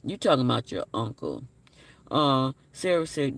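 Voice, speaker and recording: A man in his forties hosting a casual livestream, reading viewer comments aloud and repeating his phrases, sounding low on energy. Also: big pitch swings, moderate pace, gravelly, a bit bright. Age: 40s. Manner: repeats his phrases, talks straight to the chat. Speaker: livestream host.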